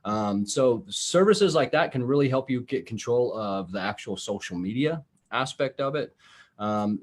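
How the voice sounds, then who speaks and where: A man's voice: fairly low pitch, a little mellow. A man chatting on a podcast in a loose, blunt way, full of fillers and the odd curse. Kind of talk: casual podcast chat.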